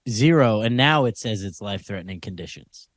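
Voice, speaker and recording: A man's voice: on the low side, expressive, brisk, no room sound, clean studio sound. Laid-back laughing male podcast co-host. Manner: laid-back, laughs often, trails off with fillers. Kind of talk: casual chat.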